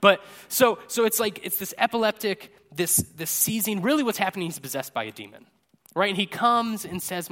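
A man's voice: sits high, expressive, a little fast, a bit bright. A male pastor giving a casual, joking sermon at a church service into a microphone, often checking in with "right?". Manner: chatty and jokey, tags lines with "right?".

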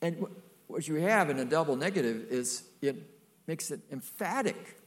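A man's voice: fairly high pitch, expressive, moderate pace. An older man preaching a sermon, folksy and emphatic, with playful asides to the congregation.

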